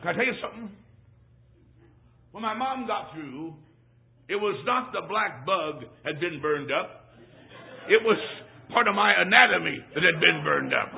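A man preaching as a traveling evangelist, telling a story from his childhood in a folksy, emphatic way, going from hushed to shouting. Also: sits high, lively intonation, moderate pace, vocal fry. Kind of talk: storytelling sermon. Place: church service. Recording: tinny phone-like sound.

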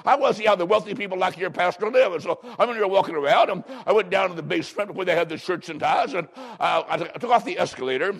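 Man, pastor from Illinois, sermon, slow dramatic emphasis, solemn scripture reading, somewhat high voice. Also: gravelly, a bit bright, breathy edge.

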